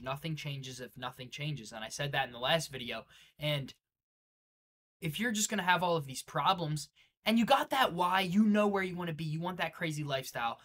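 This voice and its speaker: A young man with a bright, sharp-edged voice rants at his viewers in a blunt, preachy way. His talk is loaded with slang and swearing, pushing them to drop their excuses. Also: a little high. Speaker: day-trading vlogger. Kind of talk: motivational rant to camera.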